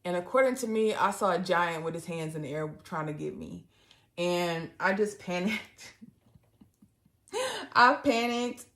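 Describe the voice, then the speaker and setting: A young woman hosting a live stream, casually telling a story in an animated, dramatic way and laughing often. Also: on the low side, normal speed. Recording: roomy echo.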